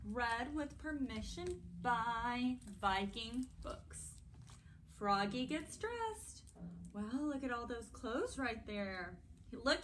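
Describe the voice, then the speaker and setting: Story time host: a young woman, bright and lively, reading slowly to children. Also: a little high, a little hiss or hum. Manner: animated and playful, speaking to children.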